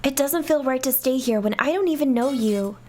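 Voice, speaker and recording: A woman's voice: sits high, fairly quick, background noise, pitched above the performer's own voice, natural voice. A woman voicing an earnest young girl who pleads for answers, in a fan dub of game dialogue. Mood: pleading. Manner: pleading, sincere.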